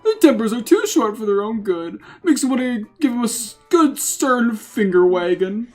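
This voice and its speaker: A man's voice: very high voice, very animated, moderate pace, darkish tone. Brief: a man putting on a doddering old turtle grandpa, forgetful, chatty, chuckling as he rambles. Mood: rambling. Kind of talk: reading game dialogue in a put-on voice.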